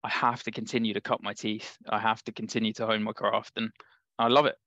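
A man with a London accent, a startup founder guest, chatting and telling an animated story on a podcast. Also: lowish voice, a little fast, dry recording, lo-fi sound. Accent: London English. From England. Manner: animated anecdotal, laughs often.

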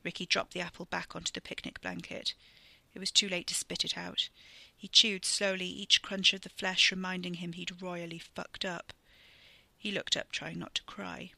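Very bright, gravelly story narrator. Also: medium pitch, no echo. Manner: vivid, steady storytelling. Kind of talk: scripted narration.

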